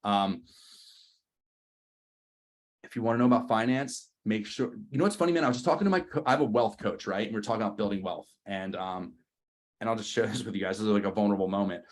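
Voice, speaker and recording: A man, in his thirties, giving a motivational sales training talk to his team, energetic and slangy, often asking the room questions. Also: on the low side, quick pace. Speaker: real estate team leader.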